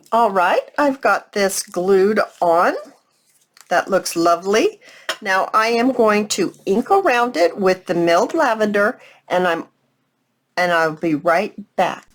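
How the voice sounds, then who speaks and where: Chatty woman hosting a slow craft tutorial. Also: mid-range voice. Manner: chatty, talks to viewers as she works, self-teasing. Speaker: crafting channel host.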